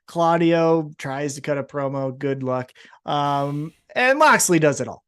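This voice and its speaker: A man co-hosting a podcast, recapping wrestling in casual, profane, animated storytelling. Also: fairly high pitch, unhurried, smooth. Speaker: podcast co-host.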